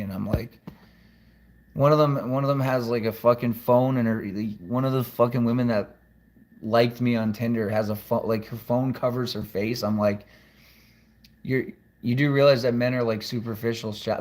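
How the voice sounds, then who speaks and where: A man's voice: mid-range voice, level tone, moderate pace, a little mellow. A man talking to camera at home in a rambling, profane monologue with many restarts. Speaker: vlogger.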